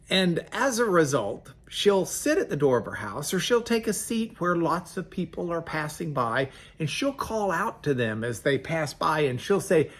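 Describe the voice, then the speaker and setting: A man's voice: a little high, sing-song, a little slow, fairly bright tone, husky. A man, a pastor giving a folksy, conversational devotional talk. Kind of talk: devotional sermon.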